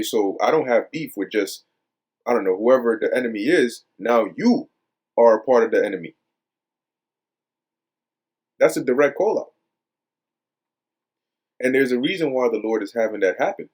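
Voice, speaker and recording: A man's voice: medium pitch, darkish tone. A man reading news quotes aloud and commenting on them in a casual religious style, with lots of hesitations and repeated words. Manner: many fillers and repeated words; reads quotes aloud then remarks on them.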